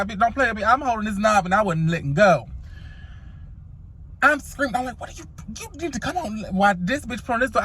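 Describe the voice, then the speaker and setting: A woman's voice: medium pitch, slightly rough. A woman telling a dramatic story to the camera in a casual vlog, sassy and profane, calling her listeners honey and child. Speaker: storytime vlogger.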